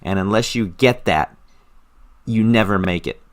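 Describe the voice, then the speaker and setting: A man with a somewhat low voice talks through his study routine in a casual screen-recorded tutorial. He sounds earnest and enthusiastic, often repeating words to stress a point. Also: unhurried. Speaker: language learner explaining his study method.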